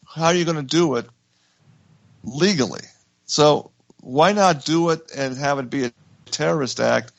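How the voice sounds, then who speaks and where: A man's voice: medium pitch, gravelly, fairly bright tone, no room sound, highs cut off. A man hosting a radio talk show, telling a story with emphatic restarts. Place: radio studio.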